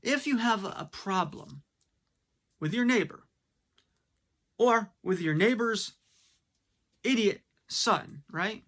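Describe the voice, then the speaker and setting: A man's voice: high voice, lively intonation, takes it slowly, pauses often, a bit bright. A man giving a blunt, casual opinion monologue, full of fillers and rhetorical questions. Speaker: commentator.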